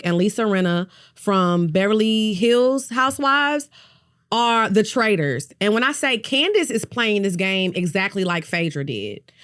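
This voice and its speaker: A woman's voice: on the high side, a bit bright. A woman hosting a podcast in casual gossip chat, candid, playful and openly profane. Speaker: podcast host.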